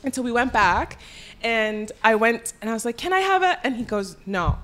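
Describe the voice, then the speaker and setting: A young woman telling a funny story in casual chat, animated and giggly, jumping into high squealing voices for quotes. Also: normal speed.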